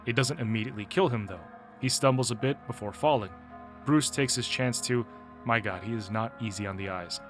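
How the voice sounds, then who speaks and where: A man's voice: medium pitch, brisk, faint music behind. A man narrating a casual, opinionated video game story recap and laughing often. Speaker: gaming video host.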